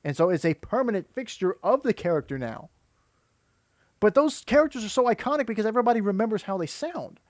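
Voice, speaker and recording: A man's voice: high voice, animated, fast talker, no echo, clean studio sound. A man who does voice acting, giving an exasperated, critical commentary rant that rambles with many restarts. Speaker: YouTuber and voice actor.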